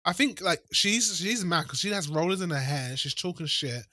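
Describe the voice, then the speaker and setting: Bright-voiced man chatting. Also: high-pitched, moderate pace, no room sound. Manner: chatty, swearing, animated retellings. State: hungover. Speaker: podcast co-host. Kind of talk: casual chat.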